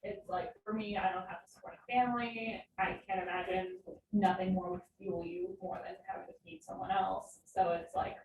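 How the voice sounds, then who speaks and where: Woman thinking out loud, tinny and super echoey, far from the mic. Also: medium pitch, fairly even intonation, normal speed, a little hiss or hum. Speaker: training participant. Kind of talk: reflective sharing. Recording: thin phone-like sound, echoey, from far off.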